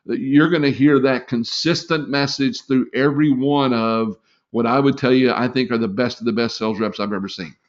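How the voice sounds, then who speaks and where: A man's voice: mid-range voice, steady tone, moderate pace. A middle-aged man training salespeople in a live webinar, chatty and encouraging, with lots of fillers. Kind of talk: casual live webinar talk. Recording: slightly dull lo-fi webinar audio.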